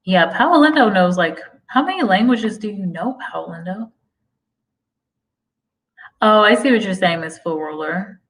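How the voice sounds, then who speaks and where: A woman's voice: mid-range voice, lively intonation, unhurried, pauses often, rough recording. A young woman from the United States chatting on a live stream, reading viewer comments aloud and answering them. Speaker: livestream host. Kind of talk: casual livestream chat.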